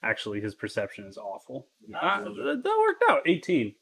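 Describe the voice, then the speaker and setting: A man's voice: mid-range voice, wildly swooping pitch, moderate pace, creaky, a bit bright, slightly rough. A man playing a tabletop game in casual chat, playful and thinking aloud as he plans his moves.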